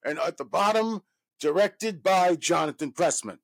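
A man in his thirties from New York, a guest actor telling a profane, animated story full of fillers. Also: high voice, normal speed, creaky. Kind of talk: casual anecdote telling.

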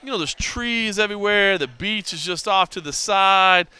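A man's voice: sits high, normal speed, clear, resonant tone. A middle-aged man hosting a podcast, telling a story in casual chat, acting out what people said and leaning on "like" a lot. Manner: animated storyteller acting out quoted dialogue, heavy use of "like". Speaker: podcast host.

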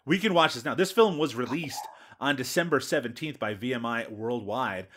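A man's voice: mid-range voice, moderate pace, fairly bright tone. Guy hosting a podcast, joking around and reading out news bits. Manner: jokey, reads news items aloud. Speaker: podcast host. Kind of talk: casual podcast chat.

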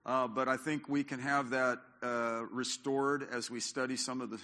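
A man's voice: mid-range voice, level tone, normal speed, bright, forceful tone. An older man preaching a sermon as pastor, talking in a conversational way with many fillers and restarts. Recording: long hall reverb.

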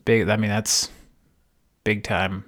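A man from Ohio co-hosts a casual podcast, talking in a loose, jokey way. He swears a lot and breaks into quick put-on voices for the characters as he recaps. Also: fairly low pitch, little pitch movement, fairly bright tone. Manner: profane, jokey, acts out characters' lines. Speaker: podcast co-host.

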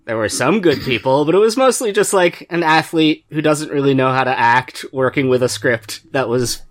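Male podcast regular, dry and opinionated, quick with jokes. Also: mid-range voice, expressive. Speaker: podcast co-host. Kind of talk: casual comedic chat.

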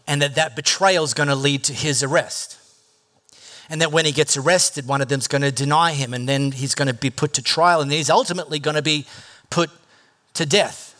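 A pastor delivers a sermon with a high, bright voice that stays casual and conversational. He tells the story with animated asides and little jokes, slipping into quoted voices for the people in it. The pace is relaxed, like talking to a friend.

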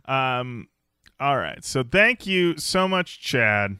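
A man's voice: mid-range voice, sing-song, slow pace, pushed and bright, clear, resonant tone, dry recording, clean studio sound. A man co-hosting a podcast in casual chat, rambling with fillers and restarts. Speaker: podcast co-host.

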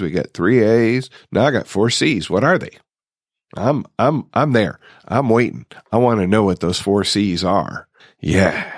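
A man's voice: sits low, no echo, clean studio sound. A middle-aged man hosting a recovery podcast, talking reflectively and putting questions straight to his listeners. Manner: musing, conversational, asks listeners direct questions. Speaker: podcast host. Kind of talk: reflective solo podcast monologue.

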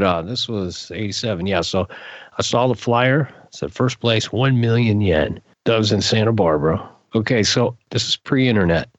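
An older man, a guest in an interview, telling a story in a casual, animated way, his voice jumping up when he gets excited. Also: fairly low pitch, no echo. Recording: dull lo-fi recording.

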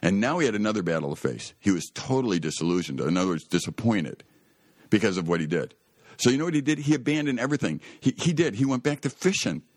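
A man's voice: on the low side, very animated, fast, darkish tone, dry recording. A man hosting a Christian radio talk show, telling a Bible story in an earnest, emphatic way that often rises to exclaim.

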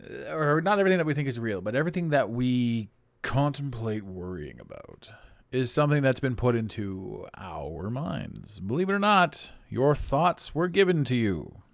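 A man's voice: moderate pace, gravelly, no room sound, clean studio sound. A man hosting his own podcast in a casual monologue, rambling and self-amused, often laughing. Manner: animated pitch swings. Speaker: podcast host.

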